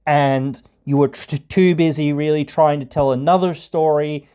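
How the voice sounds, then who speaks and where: A fairly high-pitched, warm, clean voice with fairly even intonation belongs to this Australian podcast host, who talks at a normal speed. His casual chat rambles with heavy fillers and mock voices that poke at stereotypes.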